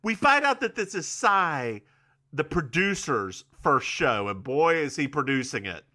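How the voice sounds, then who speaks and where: A man co-hosting a casual podcast, walking through a TV episode and slipping into playful character voices. His tone is bright, his pitch swoops around a lot, and he takes his time. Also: big pitch swings, a little slow. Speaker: podcast co-host. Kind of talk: casual recap chat.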